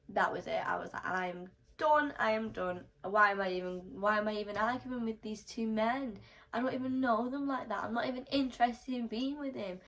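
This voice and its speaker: A young woman telling a storytime vlog, animated and swearing freely as she acts out the quotes. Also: medium pitch, rough recording.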